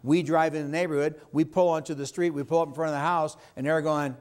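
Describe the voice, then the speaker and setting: Man, slightly high voice, emphatic seminar trainer, keeps checking in with the room. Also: steady tone, fast talker, few pauses, darkish tone. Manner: emphatic, asks the audience questions. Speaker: real estate sales trainer. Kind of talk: live sales training seminar.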